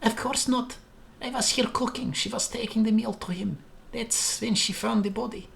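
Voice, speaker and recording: A blunt, grumpy old Russian babushka cook, put on by a man in a game. The voice sits high and comes out gravelly and fried. She brushes questions off with a heavy put-on Russian accent. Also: normal speed, fairly bright tone, heavily acted. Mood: grumbly.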